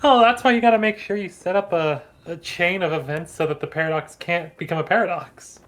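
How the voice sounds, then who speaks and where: Lowish-voiced woman player, quick quips. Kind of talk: casual game chat.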